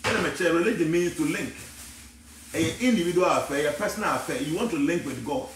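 A man's voice: a little high, animated, brisk. A man talks with viewers of a live stream as a spiritual teacher, switching between Twi and English and growing emphatic as he preaches. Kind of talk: live stream talk, reading viewer comments aloud. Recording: roomy echo, voice far from mic, faint background noise.

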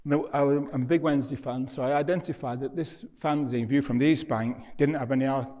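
A man's voice: medium pitch, fairly even intonation, a little fast, warm tone. A middle-aged man giving a public lecture as an artist, telling stories in a chatty, self-deprecating way. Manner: chatty storyteller, self-deprecating, acts out quoted dialogue. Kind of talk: anecdotal lecture to an audience. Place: university lecture hall.

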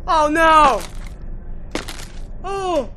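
A woman's voice: sits high, expressive, extremely slow, sharp tone, slight background noise. A young woman hosting a horror game let's play, jumpy, yelping and laughing nervously as she plays. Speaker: gaming video host. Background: game music.

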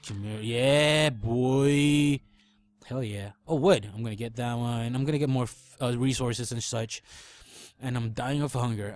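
A man's voice: mid-range voice, darkish tone. Goofy rambling young man gaming. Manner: rambling, goofy, makes silly animal noises. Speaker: let's play gamer. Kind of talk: casual gameplay commentary.

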